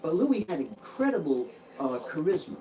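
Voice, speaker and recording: A man's voice: fairly high pitch, sing-song, normal speed, dark tone, a little hiss or hum, low-quality recording. A man casually telling a long story from his prison years, rambling and profane, and acting out other people's voices.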